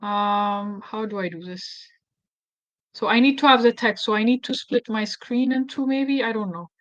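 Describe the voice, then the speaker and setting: A woman's voice: fairly high pitch, moderate pace, dull audio. A woman with an Ethiopian accent, a native Amharic speaker, hosting a casual screen-recorded tutorial, thinking aloud and getting flustered with herself. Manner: thinking aloud, self-deprecating, easily flustered. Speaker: activist tutorial host.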